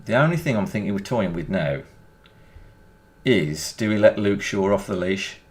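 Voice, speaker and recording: A man with a Birmingham accent talks casually over his gameplay, his voice sitting a little low. He rambles from one thought to the next and chuckles often as he goes. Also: expressive, moderate pace. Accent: Birmingham English. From England. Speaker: gaming YouTuber.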